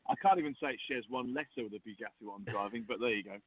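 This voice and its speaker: A man with a South East London accent, chatting as a football pundit guest, talking through the game in an animated, rambling way. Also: medium pitch, rapid-fire, slightly rough, dry recording. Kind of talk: casual football chat. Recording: dull lo-fi remote line.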